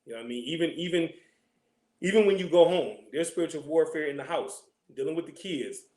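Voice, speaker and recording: Casting: high-voiced man, quick streetwise scripture class teacher, joking, echoey room. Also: lively intonation, darkish tone. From California. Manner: loose, joking, streetwise slang, constant check-ins with listeners. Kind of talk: casual scripture class talk.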